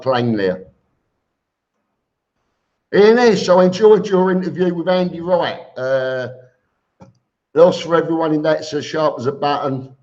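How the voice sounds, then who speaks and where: A man hosting a casual live stream, reading viewer comments aloud and answering them with chuckles. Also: on the high side. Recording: dull lo-fi stream audio.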